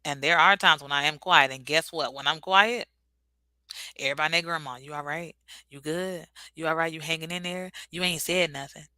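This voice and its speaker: A woman's voice: low voice, fairly quick, pushed and bright, clean tone, no echo, poor audio. A talkative woman hosting a casual motivational livestream, answering viewer comments and laughing easily. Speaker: livestream host.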